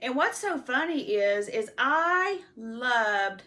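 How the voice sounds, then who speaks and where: A woman in her fifties with a slightly high voice tells her life story in a loose, meandering way. She fills her sentences with "you know," trips over restarts and stops to glance at her written notes. The talk is unscripted and homespun. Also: expressive, slow, sharp tone. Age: 50s. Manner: rambling, heavy use of "you know" and restarts; checks written notes between stories. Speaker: personal storyteller. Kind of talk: casual life-story monologue.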